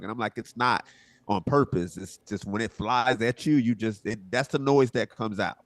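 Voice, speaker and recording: A man's voice: medium pitch, fairly quick, dry recording. A man from Southwest Florida, a comedian guest on a talk show, chatting casually and acting out little quoted exchanges. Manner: relaxed, rambling, acts out quotes. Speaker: guest, social media comedian. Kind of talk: casual interview chat.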